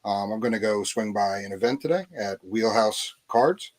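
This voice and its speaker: Eager, nervously excited low-voiced man. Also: moderate pace, low-quality recording. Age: adult. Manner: eager, nervous-excited, talks in long runs. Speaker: podcast co-host. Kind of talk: casual sports podcast chat.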